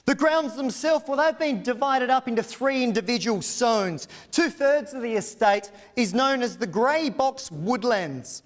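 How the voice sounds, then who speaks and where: Male auctioneer, very high voice, confident formal patter, long hall reverb. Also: lively intonation, measured pace, few pauses. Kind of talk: auction terms and sales pitch.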